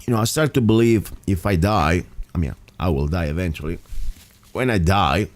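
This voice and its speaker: Emphatic talk radio host, lowish voice. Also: male voice, expressive, normal speed. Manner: emphatic, rambling with restarts. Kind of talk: casual talk radio monologue.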